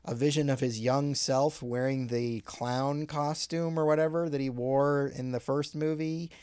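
A man's voice: mid-range voice, fairly even intonation, unhurried, darkish tone, smooth, no room sound. Man with a dry, close sound. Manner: laid-back, profane, recounts scenes at length. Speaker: podcast co-host. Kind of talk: casual movie discussion.

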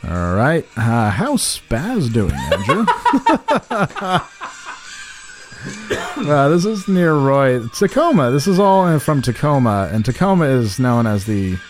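A man's voice: mid-range voice, big pitch swings, unhurried, hardly any pauses, soft background music. Profane man reading ads aloud for laughs. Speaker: podcast co-host. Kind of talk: comedic reading of personal ads.

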